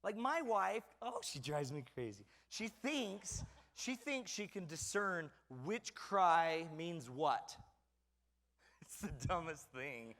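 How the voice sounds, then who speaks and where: Middle-aged man, high lively voice, bright tone, comic parenting talk, acts out home scenes, pokes fun at himself. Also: takes it slowly, long reverb tail. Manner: self-mocking storyteller acting out family scenes. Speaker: parenting speaker. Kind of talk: comedic talk to an audience.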